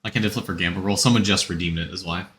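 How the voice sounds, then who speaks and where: A man's voice: low voice, fairly even intonation, fast, fairly bright tone. A man streaming a game, chatting casually and rambling as he answers chat and gives game tips.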